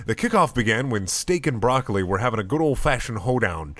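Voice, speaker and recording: A man's voice: medium pitch, sing-song, fairly quick, few pauses, fairly bright tone, dry recording. A man giving a comedic, sarcastic reading of fan fiction, swearing and laughing as he goes.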